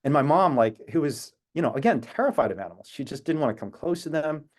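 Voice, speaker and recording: A man's voice: on the high side, expressive, fast talker. Earnest man telling a personal story. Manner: reflective, earnest storytelling with long tangents. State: emotional at times. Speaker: activist speaker. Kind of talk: personal talk on a video call. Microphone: video call.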